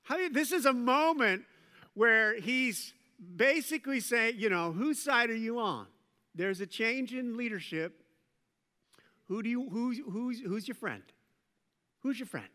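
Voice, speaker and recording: A man's voice: very high-pitched, a little slow, long reverb tail. A middle-aged male pastor preaching a sermon, retelling a story with playful jokes and asides. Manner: animated storytelling with joking asides.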